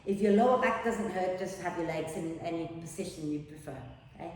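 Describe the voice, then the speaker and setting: A woman yoga teacher giving slow, gentle breathing and relaxation instructions. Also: on the low side, recorded from a distance. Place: yoga studio. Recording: very echoey room with long reverb, faint noise.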